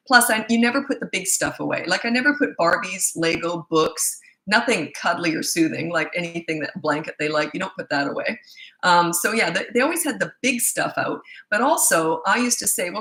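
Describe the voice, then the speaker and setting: Bright-voiced woman giving parenting advice. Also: fairly low pitch, low-quality recording. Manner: animated, acts out quoted voices. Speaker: parenting coach answering questions. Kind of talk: casual advice chat.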